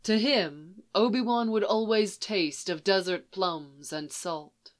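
A narrator reading a story aloud in a soft, measured way. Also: mid-range voice. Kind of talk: audiobook reading of fan fiction.

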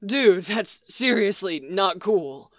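A narrator reading a quick-tempered, wisecracking young man with sharp, exasperated lines, close to their own voice. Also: medium pitch, lively intonation, no room sound. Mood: dry. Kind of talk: audiobook reading of fan fiction.

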